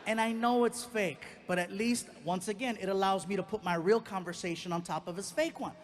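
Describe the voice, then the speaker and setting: A man telling a stand-up comedy story to a live audience in a theater, animated and playful. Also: sits high, brisk, slight background noise.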